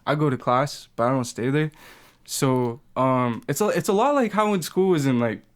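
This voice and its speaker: A man's voice: mid-range voice, moderate pace. Slangy young man chatting with heavy swearing. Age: young adult. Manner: animated, slangy, heavy swearing, hesitant fillers. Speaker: podcast co-host. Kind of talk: casual chat.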